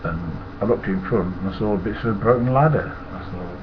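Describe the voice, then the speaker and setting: A man's voice: fairly low pitch, fairly quick. Older Nottingham man, chuckling anecdotes. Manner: rambling, chuckles, swears freely. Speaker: storyteller. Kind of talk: casual anecdote telling. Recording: muffled lo-fi with loud hiss.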